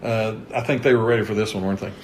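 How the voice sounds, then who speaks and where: A man's voice: on the low side, fairly even intonation, racing, slight background noise. A man with a Kentucky accent hosting a casual interview about an old football season, talking easily and reeling off statistics. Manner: chatty, reels off season statistics. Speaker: host interviewing a former coach. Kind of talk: casual sports history interview.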